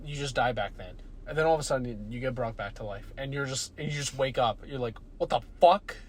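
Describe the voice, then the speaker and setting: A young man in his early twenties chatting casually on a podcast, rambling excitedly through speculative ideas. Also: mid-range voice, fairly quick, slight background noise. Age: young adult. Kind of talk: casual chat.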